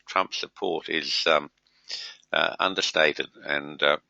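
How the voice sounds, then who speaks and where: A man's voice: rumbling low, fairly even intonation, takes it slowly, creaky, sharp tone, dry recording. A middle-aged man from Australia with an Australian accent, hosting a trading webinar in a casual, rambling way with many filler words. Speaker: webinar host, trader. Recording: dull lo-fi dry audio.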